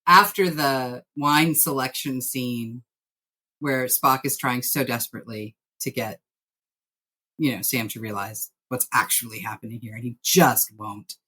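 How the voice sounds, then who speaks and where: Woman, low voice, TV writer on a podcast, affectionate and laughing. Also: a little slow, pushed and bright, breathy edge. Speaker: TV writer guest. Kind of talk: casual podcast interview.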